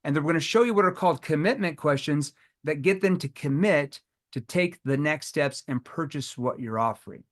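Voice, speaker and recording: Middle-aged male sales coach, animated seminar delivery, voice sits a bit high. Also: brisk, hardly any pauses. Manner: energetic, role-plays scripted sales calls. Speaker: sales trainer. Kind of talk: live training seminar.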